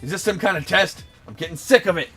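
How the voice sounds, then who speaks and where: Male streamer voicing a loud, furious young male student, shouting hard. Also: sits high, fast talker, soft background music, pitched above the performer's own voice. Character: hot-headed young male student yelling at an absent boss.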